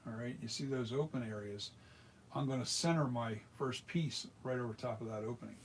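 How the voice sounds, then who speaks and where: In a workshop, an American man shows how to make masks, chatting casually and rambling with lots of restarts in this hands-on tutorial. His voice is medium-pitched and brisk, with slight background noise.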